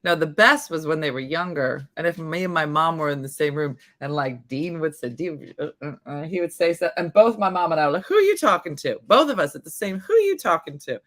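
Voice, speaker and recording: A woman's voice: low-pitched, fairly quick, few pauses. A woman hosting a morning show, chatting casually and telling a story with acted-out quotes. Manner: animated storytelling, acts out quoted voices. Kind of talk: casual chat.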